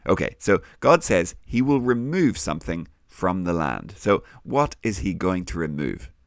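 A middle-aged Northern Irish man hosting a Bible show for children. His voice sits fairly low but moves through a lively range as he explains things gently and plainly. The recording is close and dry. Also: a little slow, dry recording. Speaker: children's Bible podcast host. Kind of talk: warm scripted kids' Bible teaching.

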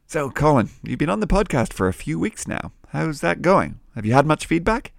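A man hosting a children's Bible podcast, speaking gently and explaining things for young listeners. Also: fairly high pitch, very animated, moderate pace, vocal fry, no echo, studio quality. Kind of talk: friendly scripted chat.

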